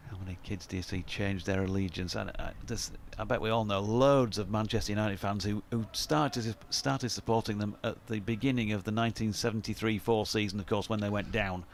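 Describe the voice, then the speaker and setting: A man's voice: lowish voice, steady tone, brisk, few pauses, a little hiss or hum. A man with an English accent chatting as cricket co-commentator, musing aloud and asking rhetorical questions from a commentary box. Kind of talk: conversational co-commentary.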